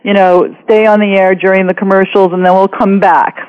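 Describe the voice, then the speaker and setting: A woman's voice: medium pitch, level tone, fairly quick, muffled recording. A woman hosting an internet radio talk show, interviewing a guest in an upbeat, promotional way.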